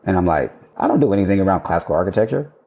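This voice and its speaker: Low-voiced man telling a candid story. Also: very fast. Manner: animated, candid, swears casually, quotes himself. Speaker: interview guest, architect. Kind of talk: casual storytelling conversation.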